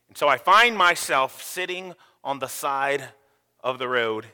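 A male pastor preaching a sermon, telling stories with sudden loud, animated rises. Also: medium pitch, a little slow, clear, resonant tone, big-room sound. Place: church sanctuary.

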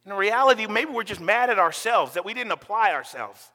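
Pastor, middle-aged man, high bright voice, lively preaching in a reverberant church hall. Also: brisk. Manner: animated preaching, acts out quotes, sometimes shouting. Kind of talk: sermon.

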